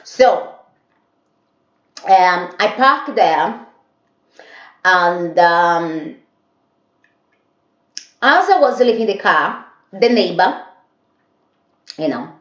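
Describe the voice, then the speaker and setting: A woman's voice: fairly low pitch, lively intonation, drawn-out words, pauses often. A woman telling a personal story to camera, rambling and repeating herself. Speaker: vlogger. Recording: dull echoey room.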